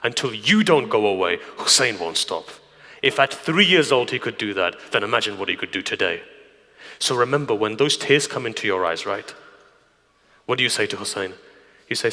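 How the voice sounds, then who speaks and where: A man preaching a sermon through stories, dropping to hushed whispers and then rising to loud emphasis. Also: on the low side, lively intonation, moderate pace. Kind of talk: sermon storytelling. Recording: long hall reverb.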